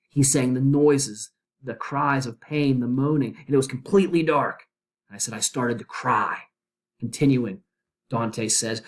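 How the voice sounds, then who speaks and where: A man's voice: mid-range voice, a little slow. A male teacher giving a literature lecture, reading old verse aloud with dramatic emphasis and then explaining it in casual words.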